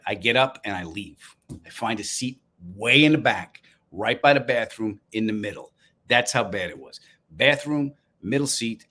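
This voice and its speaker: Man, Long Island accent, comedian, live-stream chat, wry deadpan storytelling. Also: on the low side. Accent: Long Island New York. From Long Island, New York. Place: apartment room, indoors.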